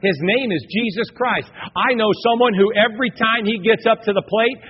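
Husky higher-voiced preacher man. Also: normal speed, long reverb tail. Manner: energetic, building to emphatic peaks. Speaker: pastor. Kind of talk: sermon. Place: church sanctuary. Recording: dull lo-fi recording.

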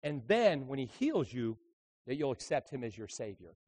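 A man, a traveling evangelist, preaching a sermon full of lively stories, dropping to quiet asides and then rising into loud, emphatic bursts. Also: medium pitch, moderate pace, breathy edge. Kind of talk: sermon with storytelling.

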